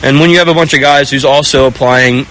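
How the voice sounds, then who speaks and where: This is a young man in his twenties, a college quarterback giving an interview. He talks earnestly and haltingly, stopping and restarting mid-thought. A faint hum of traffic and outdoor ambience sits behind his mid-pitched voice. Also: fairly even intonation, fairly bright tone, rough recording. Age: young adult. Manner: earnest, halting, searching for words. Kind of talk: postgame sideline interview.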